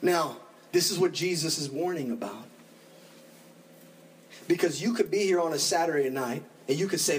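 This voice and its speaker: A man preaching a sermon as pastor, animated, acting out the voices of his congregation. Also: a little high, moderate pace, long pauses, distant mic, a little hiss or hum, low-quality recording.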